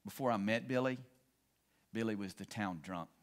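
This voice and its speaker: A middle-aged male pastor preaching a sermon and telling stories, swinging between excited and hushed delivery. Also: fairly low pitch, normal speed.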